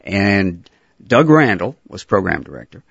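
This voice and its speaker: Deep-voiced older man, hesitant. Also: big pitch swings, vocal fry, breathy edge, dry recording, muffled recording. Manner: hesitant, with many pauses and fillers. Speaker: former radio disc jockey, guest. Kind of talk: casual interview. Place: radio studio.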